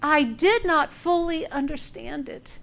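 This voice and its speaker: A middle-aged woman preaches in an emphatic, storytelling way. Her voice sits high and bright, and it stays personal and direct as she presses each point home. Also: animated, a little slow, gravelly. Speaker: speaker. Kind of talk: sermon.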